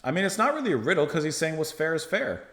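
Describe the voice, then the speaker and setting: A man's voice: a little high, fast talker. A man hosting a music reaction, chatting casually and jokily while quoting lyrics. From United States. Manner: animated, jokey, quotes lyrics aloud. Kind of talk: casual music review chat. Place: home room. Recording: echoey room.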